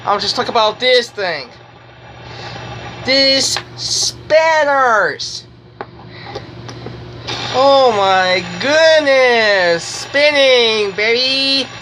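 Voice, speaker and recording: A woman's voice: a little high, expressive, slow, hardly any pauses, a bit bright, a little hiss or hum, low-quality recording. A woman vlogging a toy review, gushing and giggling as she repeats exclamations over and over. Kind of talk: excited toy review vlog.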